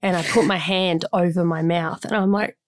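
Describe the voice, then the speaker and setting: A woman's voice: fairly low pitch, fairly even intonation, normal speed. A woman in casual chat, telling a story about her young daughter and asking if she handled it right. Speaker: mother in a parenting chat.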